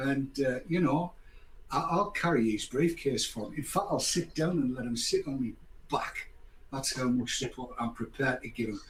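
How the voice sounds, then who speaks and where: A man's voice: mid-range voice, normal speed. An older man hosting a casual chat, rambling and sarcastic, with mock apologies. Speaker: host. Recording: echoey room, faint background noise.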